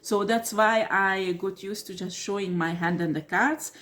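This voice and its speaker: With a mid-range, fairly bright voice and measured pace, this woman gives a tarot reading directly to camera. She's blunt and confrontational, swears, laughs scornfully, and keeps repeating "do you understand?" and "okay?"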